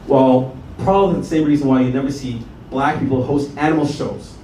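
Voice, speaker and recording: A man's voice: medium pitch, fairly quick, hardly any pauses. A man from Canada performing a stand-up comedy set, telling stories animatedly and acting out voices. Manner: animated storytelling with acted-out voices. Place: comedy club stage with audience laughter. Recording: echoey club room from a distance with noise.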